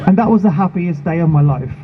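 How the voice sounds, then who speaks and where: A man, founder of a charity, giving an earnest, measured and emotional prepared speech at an outdoor protest rally. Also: fairly high pitch. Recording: phone-like sound with clear street noise.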